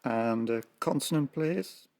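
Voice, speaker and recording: A man's voice: medium pitch, takes it slowly, darkish tone, a little hiss or hum. A man competing as a quiz contestant, terse and matter-of-fact. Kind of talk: game show play.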